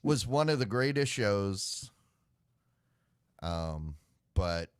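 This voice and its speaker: A man's voice: low voice, lively intonation, drawn-out words, pauses often, clean tone, no echo. A man co-hosting a live web show, chatting casually and rambling with sighs and filler words. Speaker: podcast co-host. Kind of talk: casual chat.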